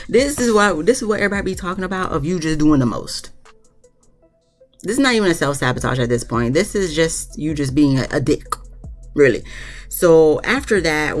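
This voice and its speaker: A reviewer recapping a reality show in casual chat, ranting bluntly with plenty of swearing and acting out what others said. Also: mid-range voice. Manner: blunt, profane, animated ranting; often acts out quotes of others.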